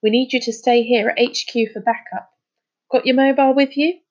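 A woman reading a storybook, voicing a brisk, bossy young girl who speaks crisply. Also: fairly high pitch, steady tone, lo-fi sound, pitched above the performer's own voice, lightly acted. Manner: crisp, organizing.

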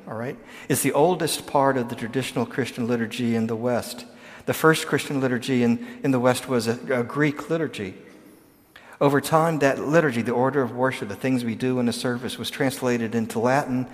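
A man preaching a sermon, talking it through in a plain, conversational way with asides and restarts. His voice sits at an ordinary middle pitch and carries a long reverb from the church hall around him. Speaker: pastor. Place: church sanctuary.

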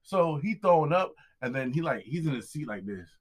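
A man's voice: a little high, sing-song, brisk. Laid-back young man hosting a podcast. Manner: loose, joking, drags out words when reading a plug. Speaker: podcast host. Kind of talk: casual chat.

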